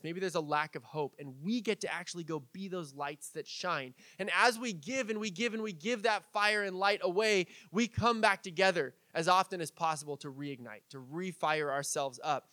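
A man's voice: high-pitched, fairly bright tone, no echo. A man preaching as a pastor in a casual, chatty way, with fillers and light laughs. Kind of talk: conversational sermon.

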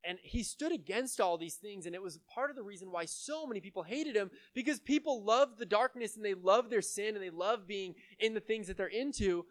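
A man's voice: sits high, fairly quick, few pauses, no room sound. A young adult man preaching a sermon from the United States in a casual, conversational way, often checking in with his listeners. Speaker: pastor.

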